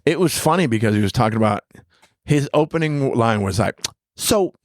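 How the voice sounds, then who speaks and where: A man, a guest stand-up comedian, chatting casually on a podcast and telling animated stories. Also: medium pitch, a little fast, dry recording, clean studio sound. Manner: animated storyteller, acts out quoted exchanges.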